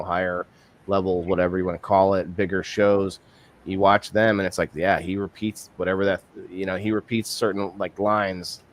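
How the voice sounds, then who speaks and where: A man hosting a casual live-stream podcast, rambling with many restarts and reading viewer comments aloud. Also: sits low. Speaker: podcast host.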